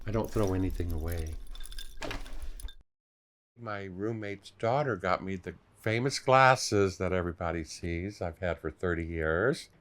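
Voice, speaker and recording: An older man telling stories in a documentary interview, playful and animated, acting out his own past thoughts. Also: sits low, unhurried. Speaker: longtime charity ride participant.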